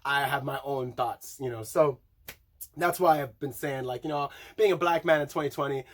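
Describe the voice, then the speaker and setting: A man's voice: medium pitch, normal speed, fairly bright tone. A man chatting casually through an album review, rambling and profane, often laughing and singing along to lyrics. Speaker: music reviewer.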